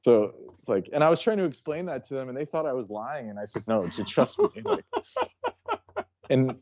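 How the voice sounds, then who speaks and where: A man in a casual podcast chat, rambling through stories with a lively, rising and falling voice. His sound is dull and lo-fi. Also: mid-range voice, normal speed, very noisy. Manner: rambling, full of "you know" and "like" fillers. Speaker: co-host.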